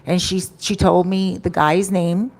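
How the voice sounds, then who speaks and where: A woman's voice: on the low side, little pitch movement, unhurried, darkish tone, slight background noise. A woman telling a story to camera in a chatty vlog, acting out what people said, into a microphone. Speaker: storytime vlogger.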